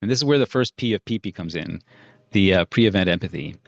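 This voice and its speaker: A man's voice: sits low, animated, brisk, dry recording, dull audio. A man teaching parents a strategy in an earnest, storytelling way. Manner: earnest, storytelling with acted-out quotes. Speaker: parenting coach.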